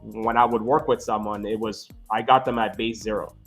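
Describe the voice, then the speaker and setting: A man's voice: on the low side, normal speed, soft background music. A man who works as a physiotherapist, telling earnest stories in a casual interview and often checking in with "right?". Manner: earnest, animated, frequent "right?" tags. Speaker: physiotherapist guest.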